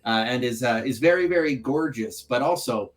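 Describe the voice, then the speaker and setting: A man narrating as game master of a tabletop game, with a hesitant delivery full of pauses. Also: medium pitch, animated, soft background music.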